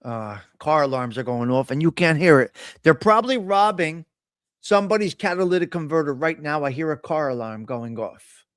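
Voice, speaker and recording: A man's voice: fairly high pitch, normal speed, no room sound, studio quality. A man hosting a casual live stream, talking bluntly with a lot of profane trash talk. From Italian American. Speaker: host.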